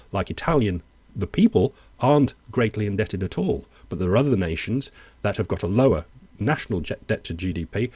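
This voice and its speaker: A man's voice: fairly low pitch, a little mellow, no room sound. A man who reads news articles aloud and breaks off into wry, digressive asides of his own. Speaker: news commentator. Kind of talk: reading and commenting on news articles.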